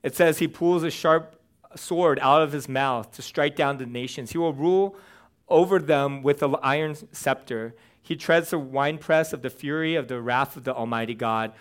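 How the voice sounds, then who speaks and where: A young man giving a casual, conversational sermon, animated and humorous, with fillers. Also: fairly high pitch, normal speed, clean tone. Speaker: preacher.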